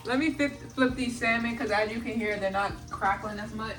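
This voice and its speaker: A young woman talking through her cooking with chatty, profane jokes. She sits a little high in pitch and is picked up from across her home kitchen by a phone on its charger. Music plays clearly behind her. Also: steady tone, normal speed, a bit bright, recorded from a distance, rough recording. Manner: chatty, profane, jokey self-narration. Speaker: vlogger. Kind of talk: casual cooking vlog. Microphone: phone on a charger, away from the stove.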